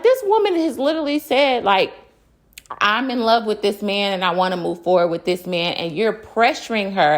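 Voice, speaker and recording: A woman giving casual, animated commentary on a reality dating show, opinionated and full of slang and emphatic repetition. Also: a little high.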